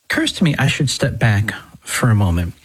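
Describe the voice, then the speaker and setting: Husky-voiced middle-aged priest. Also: male voice, on the low side, sing-song, fairly quick, low-quality recording. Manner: conversational and digressive, with folksy exclamations. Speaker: Catholic priest and show host. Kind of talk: podcast talk.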